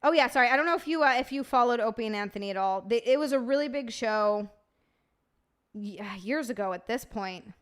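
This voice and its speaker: Casual woman stream host reading chat, profane and giggly, somewhat high pitch. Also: lively intonation, brisk. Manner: profane, laughing, reacting to chat.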